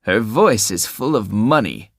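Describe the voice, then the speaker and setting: Quiet rich guy, guarded, lowish calm voice, reader voicing him. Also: unhurried, gravelly, no echo, clean studio sound, full character voice. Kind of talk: audiobook character voice.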